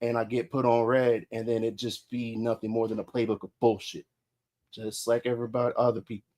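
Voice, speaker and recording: A man's voice: mid-range voice, flat delivery, a little fast, mellow. Profane, fired-up male podcast host. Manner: profane and confrontational; emphatic, repeats himself. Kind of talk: heated livestream rant. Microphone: streaming mic.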